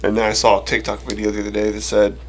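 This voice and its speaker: A man's voice: lowish voice, racing. A man telling funny childhood stories on a casual podcast, acting out the voices and laughing. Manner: animated storyteller who acts out quotes and laughs. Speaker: co-host.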